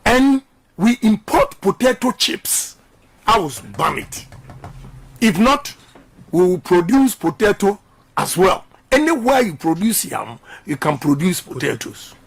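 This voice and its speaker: A man's voice: high-pitched, fairly bright tone. A middle-aged man with a Ghanaian accent giving an impassioned radio interview as a politician, emphatic and repeating slogans. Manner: emphatic, repeats slogans, mixes English and Twi. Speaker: politician guest.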